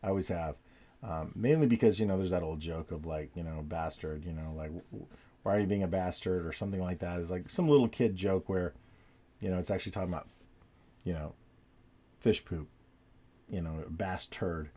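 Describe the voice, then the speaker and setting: A low-pitched man with a warm, mellow voice talks through a drawing session at his desk. He rambles along in a relaxed, chatty way and second-guesses his lines as he goes. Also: moderate pace, slightly rough. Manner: rambling, chatty, self-correcting as he draws. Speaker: artist drawing on video. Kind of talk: casual talk while drawing.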